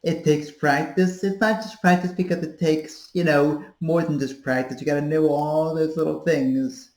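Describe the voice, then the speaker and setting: A woman's voice: low-pitched, steady tone, moderate pace, darkish tone. A woman in her thirties giving a casual voice-training tutorial, rambling with fillers as she demonstrates sounds. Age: 30s. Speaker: voice coach. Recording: echoey room.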